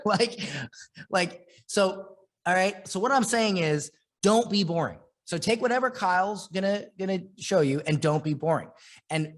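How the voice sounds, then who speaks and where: A man coaching online marketers in a motivational training talk, his voice sitting a bit high for a man. He's blunt and swears freely, firing off restless bursts with quick restarts. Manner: blunt, profane and fired-up.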